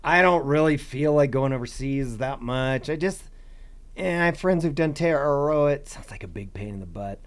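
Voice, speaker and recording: A man's voice: mid-range voice, lively intonation, moderate pace. A man chatting as a podcast guest about long-distance hiking, rambling with restarts and "you know". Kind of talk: casual podcast chat.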